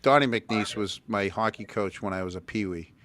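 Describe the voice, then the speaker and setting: A middle-aged man hosting a casual chat, telling stories in an animated way and repeating words when he gets going. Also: on the low side, normal speed. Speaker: host.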